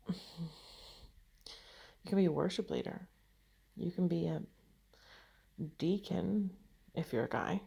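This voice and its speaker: Woman rambling through a personal story, slow and hesitant, lots of ums and restarts, low gravelly voice. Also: dark tone. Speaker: vlogger.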